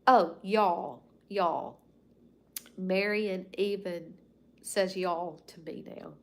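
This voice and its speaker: A fiftysomething Southern woman runs a laid-back livestream chat from her home, wandering through folksy talk and soft asides with her live audience. Her lowish voice stays fairly even in intonation and goes extremely slowly.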